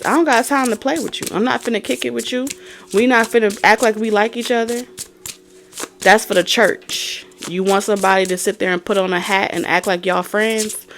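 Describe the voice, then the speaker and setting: Woman, tarot reader, profane, blunt, scolding, medium pitch. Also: fairly even intonation, a little fast, vocal fry, a little hiss or hum. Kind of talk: profane tarot reading rant.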